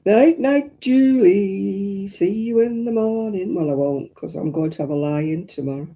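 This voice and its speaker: A woman's voice: deep voice, steady tone, moderate pace, dark tone. A woman chatting casually and homely to her live-stream viewers as she crochets, rambling and yawning often. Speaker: craft live-stream host.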